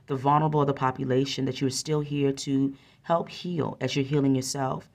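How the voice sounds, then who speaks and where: A woman with a notably deep, low-pitched voice talks through an oracle card reading into a close microphone. She is earnest and encouraging, and she often circles back to repeat her phrases. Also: steady tone, fairly quick, darkish tone. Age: adult with a young son.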